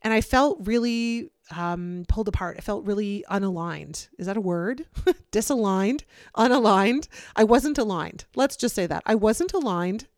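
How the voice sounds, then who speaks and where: A woman's voice: mid-range voice, expressive, unhurried, no echo, studio quality. Candid woman hosting a solo podcast. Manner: open, unfiltered, conversational with many fillers. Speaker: podcast host.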